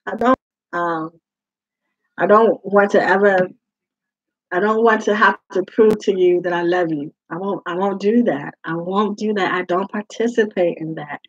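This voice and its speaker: A woman's voice: mid-range voice, moderate pace, no echo. A woman life coach speaking to her group in a live talk, emphatic and repeating her phrases for weight. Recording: dull lo-fi sound.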